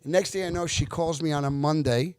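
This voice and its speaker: A man in his fifties tells his stories with lively animation and turns earnest and reflective when he shares a lesson. His voice sits a little high for a man, and the close mic leaves it dry with no room sound. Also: fairly quick, clean tone, no room sound. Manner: animated, lively retelling with acted-out quotes. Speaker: actor guest. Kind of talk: casual storytelling interview.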